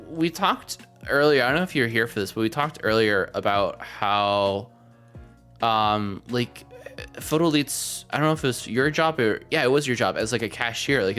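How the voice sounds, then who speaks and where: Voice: medium pitch, fairly bright tone. A podcast host chatting casually on a livestream, rambling with lots of fillers and the odd swear word.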